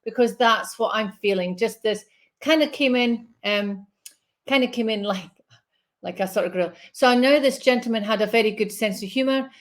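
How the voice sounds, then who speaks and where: A woman's voice: fairly high pitch, normal speed. Woman, spiritual medium, soothing live reading, reassuring check-ins.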